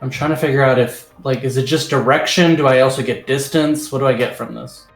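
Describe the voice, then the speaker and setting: A man's voice: medium pitch, steady tone, brisk, soft background music. Hesitant man thinking aloud, echoey room. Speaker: player. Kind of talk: tabletop game play, casual chat.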